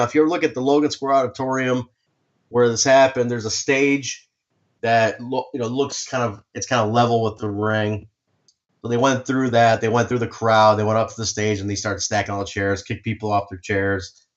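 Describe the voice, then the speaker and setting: A man co-hosting a podcast, telling a story casually, animated and swearing, with lots of restarts. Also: mid-range voice, lo-fi sound. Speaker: podcast co-host.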